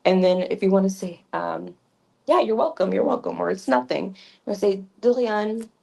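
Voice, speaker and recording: With a medium-pitched voice that is gravelly, mellow and husky, a woman from a Creole background runs a relaxed livestream lesson in basic French at normal speed with lively intonation. Her talk is chatty and repetitive, full of ums and restarts, and the new mic's fuzzy sound leaves the recording low in quality.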